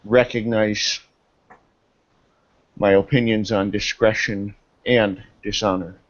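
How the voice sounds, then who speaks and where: A man's voice: fairly low pitch, fairly even intonation, takes it slowly. A man playing a formal, honor-bound male mystic elder who speaks in archaic phrasing with a slight foreign lilt. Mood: grave, measured. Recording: dull lo-fi recording.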